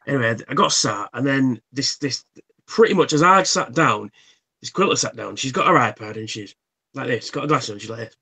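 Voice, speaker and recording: A man's voice: medium pitch, expressive, a little fast, bright, forceful tone, slightly rough. A man hosting a casual livestream, telling rambling anecdotes full of swearing and false starts. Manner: rambling storyteller, swears freely, many restarts. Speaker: livestream host. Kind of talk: casual chat.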